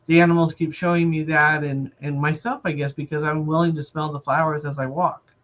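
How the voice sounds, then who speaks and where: A woman in her sixties, an animal communicator guest on a livestream, telling stories in a lively way and acting out little dialogues. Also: low voice, brisk. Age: 60s. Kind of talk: casual livestream interview. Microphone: video call.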